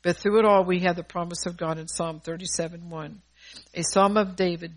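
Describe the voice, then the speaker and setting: A woman's voice: on the low side, fairly even intonation, fairly quick, poor audio. A middle-aged woman preaching a sermon in a fervent, conversational way, laughing between points.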